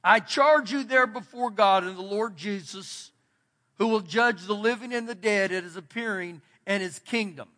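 A man's voice: sits high, moderate pace, sharp tone. A man pastor giving a sermon in a church, preaching in an emphatic, folksy way. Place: church sanctuary. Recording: long church hall reverb.

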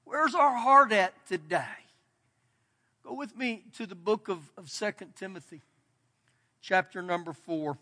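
A man's voice: high-pitched, a little slow, long pauses, sharp tone. A man pastor giving a sermon in a church, preaching in an emphatic, folksy way. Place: church sanctuary. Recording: long church hall reverb.

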